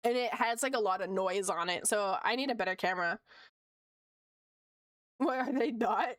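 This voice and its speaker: A woman's voice: mid-range voice, normal speed, long pauses, dry recording, clean studio sound. A woman streamer chatting casually, answering chat with frequent giggles.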